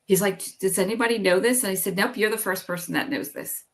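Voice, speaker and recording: A middle-aged woman telling her story as an interview guest, animated and acting out the dialogue she recalls. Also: medium pitch, fast talker. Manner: animated storytelling, acts out quoted dialogue, frequent "like".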